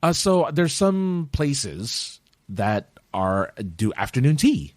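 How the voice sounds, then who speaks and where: An American man co-hosting a podcast, chatting casually and jokily, rambling with restarts and slipping into quick silly put-on voices. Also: mid-range voice, very animated, no echo, studio quality. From United States. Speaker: podcast co-host. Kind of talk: casual chat.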